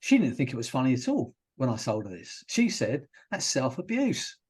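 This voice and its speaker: A British hypnotherapist telling stories in a relaxed, rambling way, often restarting his sentences as a podcast guest. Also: medium pitch, brisk, husky. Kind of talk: casual interview chat.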